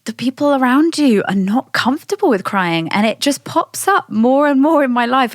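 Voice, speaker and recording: A woman in her thirties talks to her listeners in a candid, animated monologue and swears freely. Her voice sits a little high. The recording is close and dry, with no room sound. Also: moderate pace, few pauses, no room sound. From Britain. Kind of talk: casual monologue.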